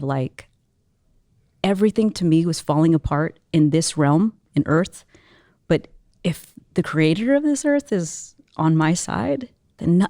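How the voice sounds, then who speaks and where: A woman guest in an interview, telling a personal story in an animated, expressive way, full of casual "like"s. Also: deep voice, dry recording, clean studio sound. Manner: animated, expressive, many filler "like"s.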